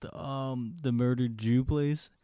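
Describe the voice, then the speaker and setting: A man's voice: mid-range voice, fairly even intonation, slow pace, dark tone, clear, resonant tone, no echo. A man chatting casually on a podcast, teasing his friends in jokey banter. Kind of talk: casual chat.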